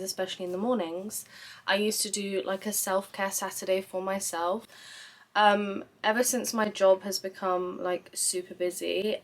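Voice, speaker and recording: Woman vlogger, chatty and animated, bright voice, mid pitch. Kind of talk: chatty vlog.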